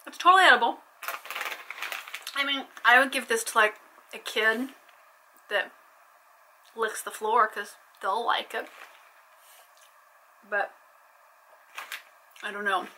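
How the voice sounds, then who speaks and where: A woman's voice: fairly high pitch, slow pace, pauses often, sharp tone, a little hiss or hum, low-quality recording. A young adult woman chatting playfully in a casual vlog, joking as she tries snacks. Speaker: vlogger.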